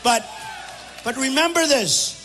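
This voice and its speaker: Older man shouting a rally speech. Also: very high voice, lively intonation, takes it slowly. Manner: rambling, repetitive, combative. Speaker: political candidate. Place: airport hangar rally with crowd. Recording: echoey hall, faint background noise.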